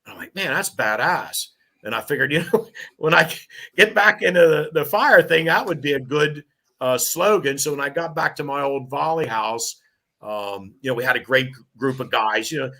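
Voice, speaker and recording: Gravelly fifties fire lieutenant, kinda high voice, telling rowdy stories and cracking himself up. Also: male voice, moderate pace. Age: 50s. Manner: animated, laughing, swearing storyteller. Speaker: podcast guest, firefighter lieutenant. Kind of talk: casual storytelling.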